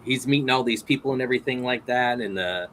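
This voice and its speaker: A man's voice: mid-range voice, quick pace, a bit bright, slight background noise, poor audio. A man hosting a casual interview, telling rambling stories full of fillers and laughs. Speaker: host.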